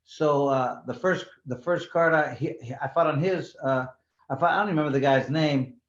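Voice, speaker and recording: A man's voice: fairly high pitch, moderate pace. A man from California, a former pro boxer, telling stories in a casual interview. He swears freely and often restarts his sentences. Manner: animated storyteller, swears freely, many restarts. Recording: roomy, slightly dull sound.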